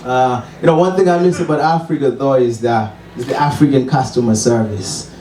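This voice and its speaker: A man's voice: mid-range voice, fairly quick, warm tone, reverberant, slight background noise. A man with a Zimbabwean accent performs wry, self-mocking stand-up at a small open mic. His voice is picked up from some distance and rings around the room. He chuckles now and then at his own lines. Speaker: stand-up comedian. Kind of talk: stand-up set.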